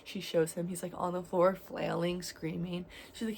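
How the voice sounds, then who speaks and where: A woman in her twenties talking in a candid, rambling vlog about her life, swinging between loud and quiet. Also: lowish voice, level tone, moderate pace, gravelly, slight background noise. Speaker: vlogger. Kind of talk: casual confessional vlog.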